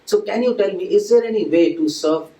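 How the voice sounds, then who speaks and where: A man's voice: sits high, a little fast, mellow. Man lecturing in an echoey temple hall. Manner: conversational, asks the audience questions and acts out little scenes. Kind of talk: devotional lecture to a live audience. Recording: echoey hall, mic at a distance, faint ambient noise.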